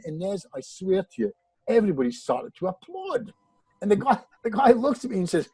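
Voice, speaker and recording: A man's voice: high-pitched, brisk, slightly rough, no echo, low-quality recording. A man who is a hypnotist guest on a podcast tells a personal anecdote, restarting phrases and speaking straight to the host. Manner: animated storyteller who often restarts phrases and addresses the host directly. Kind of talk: storytelling anecdote in a podcast chat.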